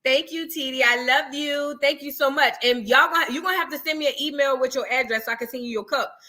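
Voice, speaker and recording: Sassy high-voiced woman livestream host. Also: fast, pushed and bright. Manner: chatty, sassy, calls viewers girl and boo. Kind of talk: casual livestream chat reading super chats.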